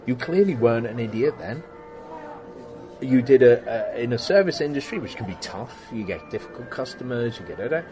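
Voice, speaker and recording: Animated middle-aged man telling work stories. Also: mid-range voice, brisk, faint music behind. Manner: animated storyteller, acts out quoted exchanges, laughs often. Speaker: guest, special effects workshop owner. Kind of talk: casual interview conversation.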